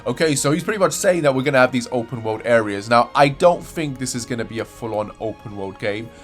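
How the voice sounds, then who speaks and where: A man's voice: mid-range voice, quick pace, soft background music. A young man hosting a gaming channel, talking through game news in a rambling, sarcastic way and correcting himself as he goes. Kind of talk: casual video game news commentary.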